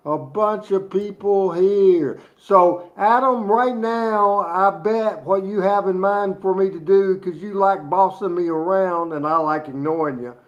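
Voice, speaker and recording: A middle-aged man from Arkansas co-hosting a wrestling talk show, joking and excitable as he plugs an upcoming event. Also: high voice, highs cut off. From Jonesboro, Arkansas. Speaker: co-host.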